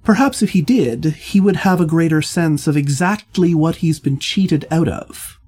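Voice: medium pitch, measured pace, darkish tone, husky. An instructor leading a literature seminar, speaking thoughtfully with frequent restarts and hedges.

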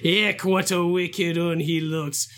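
A man voicing a gruff old male servant in a botched mock pirate accent. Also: high voice, little pitch movement, slow, a bit bright. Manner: laughing through a botched accent.

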